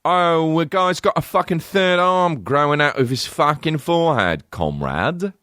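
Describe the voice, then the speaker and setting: A shrill, panicky Soviet man shouts his alarm at a comrade in a high voice, all jumpy and overdone. A man puts him on in a comic bit. It sounds close and dry. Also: expressive, a little slow, dry recording. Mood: panicked. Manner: loud, frantic, exaggerated.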